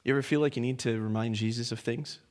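A man's voice: mid-range voice, steady tone, fast, a little mellow. A man preaching a conversational sermon that works through a passage verse by verse. He talks informally, doubles up on words as he thinks, and puts questions to his listeners.

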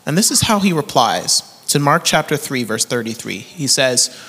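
A man's voice: mid-range voice, sing-song, moderate pace, bright, forceful tone, husky, big-room sound. A man in his thirties with a Canadian accent, preaching a sermon in an earnest storytelling way, laughing often. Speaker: pastor.

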